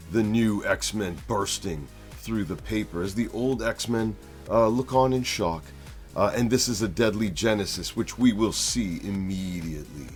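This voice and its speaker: A man from Canada reviewing old comics in a relaxed, hesitant way with wry asides. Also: fairly low pitch. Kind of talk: comic book review vlog.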